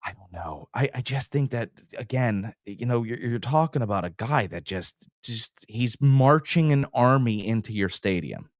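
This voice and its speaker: A man co-hosting a sports betting podcast, talking casually with big exaggerations and quick impressions. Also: mid-range voice, no echo, studio quality. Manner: animated, hyperbolic, jumps into little impressions. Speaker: podcast co-host.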